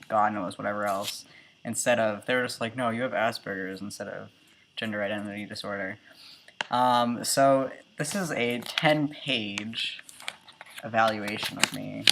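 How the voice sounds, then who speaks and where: A man's voice: on the low side, creaky, noisy background. A man in his early twenties talking casually in a video diary, chatty and full of ums and likes. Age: 20s. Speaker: vlogger.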